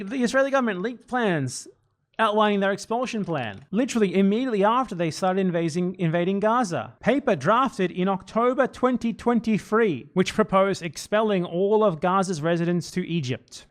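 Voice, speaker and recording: A man hosting a political commentary stream, talking in a heated, sarcastic way and mocking his opponents. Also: sits high. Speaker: streamer host.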